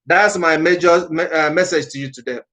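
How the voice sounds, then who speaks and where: Brief: male prophet with an accent, fervent sermon, raised pitch, rushing delivery. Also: pushed and bright. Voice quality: non-native-sounding accent, unnamed. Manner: fervent, exhorting, speaks fast by own account. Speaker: prophet preaching. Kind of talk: impassioned sermon.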